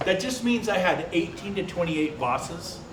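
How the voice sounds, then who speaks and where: High-voiced man presenting in an echoey hall. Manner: energetic, quizzes the crowd with quick questions. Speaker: seminar presenter. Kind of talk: live business presentation to an audience. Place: large event hall. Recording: echoey hall from far off, faint noise.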